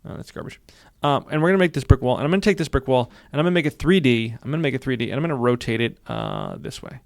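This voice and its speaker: A software instructor narrates a screen-recorded tutorial at a brisk pace, his gravelly, mid-range voice swinging widely in pitch. He sounds upbeat and repeats many phrases as he clicks along. The recording is dry and close, with no room sound.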